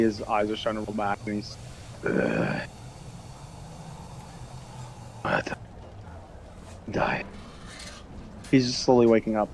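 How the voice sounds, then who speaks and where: Halting man narrating as game master. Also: mid-range voice, a little mellow, a little hiss or hum. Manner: halting narration with many fillers and restarts, laughs often. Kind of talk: casual tabletop game narration.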